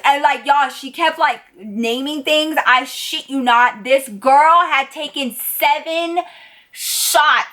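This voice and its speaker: Young woman vlogger, bright highish voice, super chatty storytime. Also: takes it slowly. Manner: animated, chatty, lots of fillers. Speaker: YouTuber. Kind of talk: storytime vlog.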